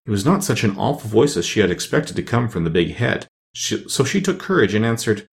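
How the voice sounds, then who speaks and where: Gravelly male storybook narrator. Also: lowish voice, very animated, brisk, few pauses. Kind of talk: storybook reading.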